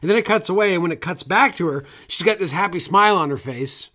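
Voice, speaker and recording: A man's voice: high-pitched, expressive, fast, bright, forceful tone. A man co-hosting a podcast, chatting casually about an old film and acting out its lines. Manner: chatty, laughs at his own retellings. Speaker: podcast co-host.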